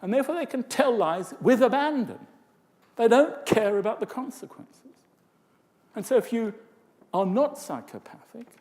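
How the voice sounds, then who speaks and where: Here the older man from England talks at a normal speed but with an extremely high pitch, animating his conference lecture with impersonated voices and asides. The live audience and the large hall's reverb come through clearly.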